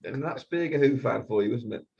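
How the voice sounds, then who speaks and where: A man's voice: mid-range voice, expressive, brisk, gravelly, darkish tone, breathy edge, highs cut off. A man co-hosting a podcast, chatting casually and jokily, often trailing off mid-sentence. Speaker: podcast co-host. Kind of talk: casual chat.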